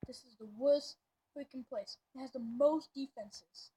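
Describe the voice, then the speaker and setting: A woman giving excitable, rambling gameplay commentary, full of slang and fillers. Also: high voice, a little slow, husky. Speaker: gameplay video host.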